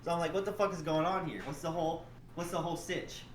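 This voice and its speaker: Give me an excitable man talking quickly, slightly high, with an echoey room sound. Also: a little hiss or hum. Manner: excitable, defensive, profane rambling. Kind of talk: casual chat.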